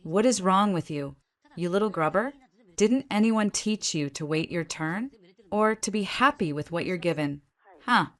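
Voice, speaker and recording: Woman narrator doing a contemptuous, sneering relative in a drama story; lower voice. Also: animated, normal speed, lightly acted. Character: spiteful sneering woman, family bully.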